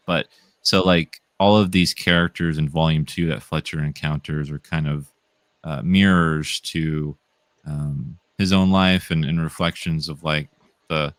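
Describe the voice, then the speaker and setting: A man's voice: deep voice, fairly bright tone, no room sound. A young man from the Midwest, a comic writer talking casually as a guest, full of fillers like "like" and "um". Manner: rambling with many fillers. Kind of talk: casual interview chat.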